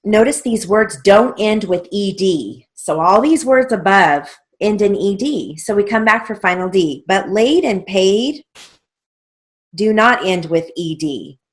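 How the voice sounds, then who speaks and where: A woman teaching a stenography theory lesson, dictating practice sentences and spelling out letters with slow care. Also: mid-range voice, lively intonation.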